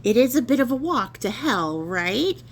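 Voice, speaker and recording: A woman's voice: on the high side, very animated, normal speed, slight background noise. A woman voicing Stingy Jack, a crafty old man who talks in a falsely sweet, sly way.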